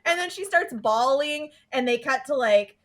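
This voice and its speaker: A woman's voice: high voice, lively intonation, moderate pace. A woman co-hosting a podcast, chatting casually with a friend and laughing often as she recaps a cartoon episode. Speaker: podcast co-host.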